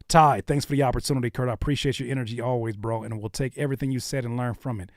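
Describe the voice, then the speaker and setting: A man's voice: medium pitch, fast talker, dry recording, studio quality. A man hosting a live music reaction stream, bantering and teasing his chat viewers. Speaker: livestream host reacting to music.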